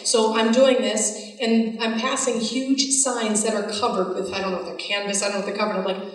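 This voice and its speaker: A woman giving a keynote talk, an animated, self-mocking storyteller who acts out the dialogue. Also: fairly high pitch, a little fast, hardly any pauses. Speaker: keynote speaker. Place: large hall with audience. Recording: echoey hall from far off.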